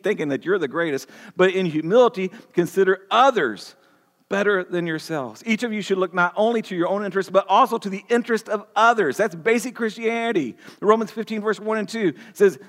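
A man's voice: sits high, fairly bright tone, in a large hall. A man preaching a sermon, earnest, with many repeated words and restarts. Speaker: pastor.

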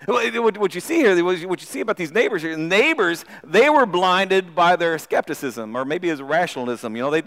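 A man preaching a sermon in an animated way, often repeating words as he starts a sentence. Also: high-pitched, fairly quick, few pauses. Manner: animated, acts out voices of people in the story. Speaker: pastor. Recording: long hall reverb.

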